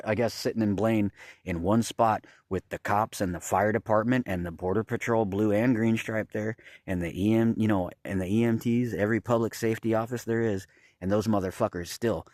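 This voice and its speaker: A man with a low voice rants at his camera in a rambling outdoor vlog, agitated and profane. His voice sounds dry and close, with little room sound around it. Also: darkish tone, no room sound. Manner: agitated, profane, points things out to viewers. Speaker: vlogger. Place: outdoors at a campground by his trailer.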